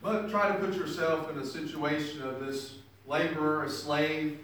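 Preacher with an echoing, distant voice. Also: male voice, fairly high pitch, fairly even intonation, moderate pace, fairly bright tone, slight background noise. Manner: expository preaching, reading verses then paraphrasing with emphasis. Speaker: pastor. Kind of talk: sermon. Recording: echoey room picked up from a distance.

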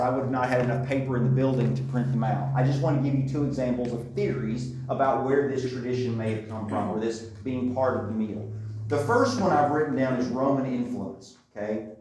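A man's voice: mid-range voice, slight background noise. Man teaching in an echoey hall. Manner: conversational, with frequent checks like "okay?" and "right?". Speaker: Bible class teacher. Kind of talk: classroom Bible lesson. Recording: echoey room, distant mic.

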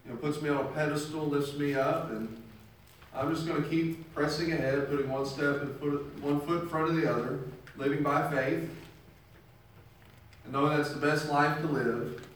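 A man's voice: fairly high pitch, steady tone, moderate pace, a little hiss or hum. A man preaching a sermon in a conversational storytelling manner, making earnest appeals to his listeners. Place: church hall. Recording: very echoey hall, mic at a distance.

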